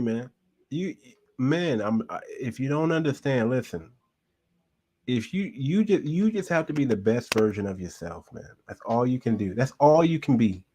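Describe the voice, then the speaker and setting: A man's voice: mid-range voice, big pitch swings, a little slow, long pauses, darkish tone. A man hosting a reaction show, giving casual commentary with emphatic repetition and frequent restarts.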